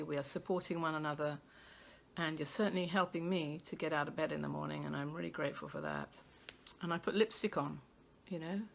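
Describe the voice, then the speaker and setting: A British woman hosts a casual live poetry stream, talking to her viewers through a webcam. She rambles and pokes fun at herself, and her voice has a gravelly edge. A faint hiss sits under her talk. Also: low voice. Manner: rambling, chatty, self-deprecating.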